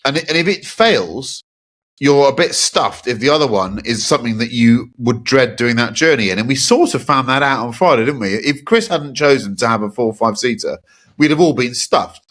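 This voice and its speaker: A man's voice: medium pitch, lively intonation, normal speed, fairly bright tone. A man hosting a casual podcast, teasing his co-hosts with jokes and the odd swear word. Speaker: podcast host. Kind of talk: casual chat.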